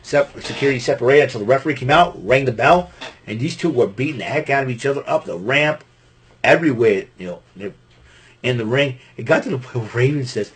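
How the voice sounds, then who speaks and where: Husky, animated man from Massachusetts. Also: medium pitch, brisk. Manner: animated, laughing, rambling with restarts. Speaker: podcast host. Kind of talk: casual wrestling event recap.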